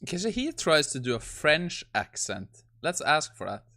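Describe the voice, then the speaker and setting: A man's voice: fairly high pitch, big pitch swings, moderate pace, pushed and bright. A man hosting a tech video who comments casually on a demo and thinks aloud. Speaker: host.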